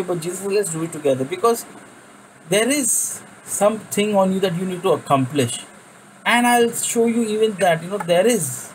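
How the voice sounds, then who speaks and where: A man's voice: high-pitched, slight background noise, low-quality recording. A man giving an informal Bible study, earnest and conversational, often repeating words as he searches for the phrasing. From India. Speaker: Bible teacher.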